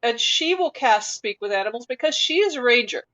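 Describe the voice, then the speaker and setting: High-voiced woman running a tabletop game. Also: a little fast, poor audio. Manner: relaxed, patient narration with fillers. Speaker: game master.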